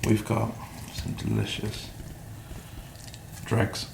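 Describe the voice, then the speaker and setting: A man's voice: on the low side, completely flat delivery, very slow, creaky, noisy background. A man chatting casually and swearing freely while cooking in his kitchen, talking through his day as a musician. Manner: chatty, sweary, self-deprecating. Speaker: musician vlogger. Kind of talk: casual rambling vlog. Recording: echoey kitchen with faint clatter.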